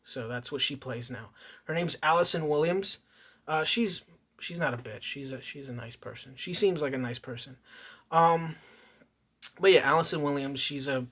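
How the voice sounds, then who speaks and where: Man, bright edgy tone, foul-mouthed rambling movie reviewer, casual vlog delivery. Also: mid-range voice. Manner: profane, ranting, heavy swearing; rambling with frequent restarts.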